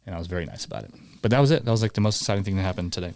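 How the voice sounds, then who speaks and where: A man hosting a podcast, chatting casually and telling an animated, rambling story. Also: sits low, racing, gravelly, no echo. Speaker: podcast host. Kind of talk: casual chat.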